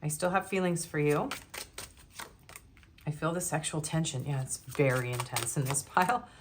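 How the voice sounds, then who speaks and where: A young woman with a notably low voice gives a casual pick-a-card love reading. She reads card messages aloud and chats and giggles between them. A faint hiss sits under her voice. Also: normal speed. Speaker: tarot reader.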